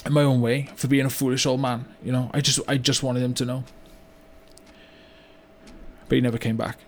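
This is a mock-documentary comedy bit where an actor voices a remorseful, blunt British business owner, an older man running a car yard, as he tells a rueful story. He rambles, leaning on "you know" and "right?", in a medium-pitched, level voice at a moderate pace that sounds close to everyday speech.

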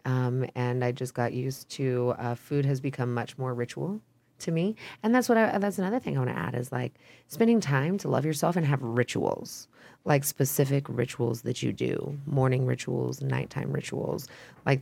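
A woman's voice: a bass voice, normal speed, vocal fry, dark tone, no room sound. A young woman from Idaho, a podcast guest talking in a casual, rambling way, full of "like" and "um," swearing freely. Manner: rambling, frequent "like" and "um", candid with swearing. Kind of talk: casual chat.

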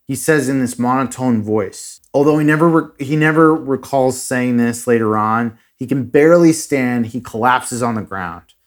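A man hosting a podcast, casually retelling a strange story with dramatic pauses and a few fillers. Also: mid-range voice. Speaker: podcast host.

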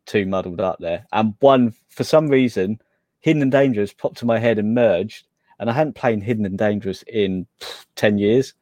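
A man's voice: fairly low pitch, normal speed, a little mellow, dry recording. A man co-hosting a casual gaming podcast, hesitant and correcting himself as he talks. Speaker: podcast co-host. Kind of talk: casual gaming news chat.

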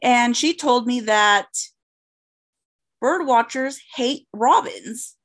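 A woman's voice: fairly high pitch, slow pace, fairly bright tone. A woman co-hosting a podcast in casual chat, rambling with fillers and crude jokey asides. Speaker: podcast co-host.

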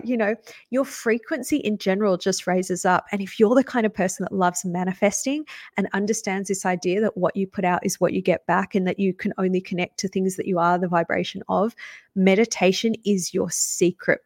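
A woman in casual podcast conversation, explaining spiritual ideas in an animated, upbeat way. Her voice sits at a middle pitch. It is recorded close and dry, with no room sound. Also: brisk, no room sound. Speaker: psychic medium, co-host.

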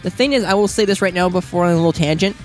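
A man's voice: high-pitched, racing, soft background music. A man co-hosting a casual podcast, rambling about video games and acting out his own reactions. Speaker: podcast co-host.

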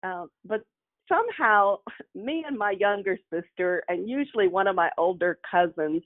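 A woman's voice: medium pitch, expressive, normal speed. A woman telling a personal childhood story with frequent chuckles, in a nostalgic way. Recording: tinny phone-like line.

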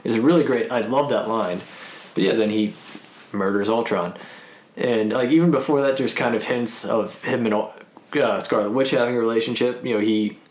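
A man's voice: fairly low pitch, normal speed, darkish tone, echoey room. A man co-hosting a podcast, casually and eagerly talking through a movie with plenty of fillers. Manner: enthusiastic fan, lots of fillers. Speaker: podcast co-host.

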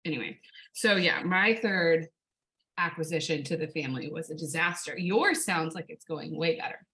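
A young woman from California, chatting casually and telling an animated story, swearing and laughing often. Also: deep voice, normal speed, rough recording. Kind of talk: casual chat.

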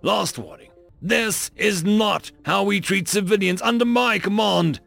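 A man's voice: high-pitched, a little slow, gravelly, fairly bright tone, faint music behind, voice pushed up, full character voice. A man voicing a stern, proud human general who gives firm commands in a storybook reading.

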